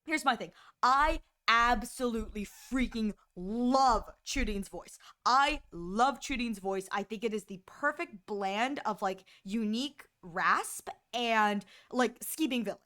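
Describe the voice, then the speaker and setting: A woman's voice: on the high side, slow pace, hardly any pauses, pushed and bright. A woman streamer chatting casually on a livestream, rambling with lots of fillers and acting out her own reactions in quoted asides.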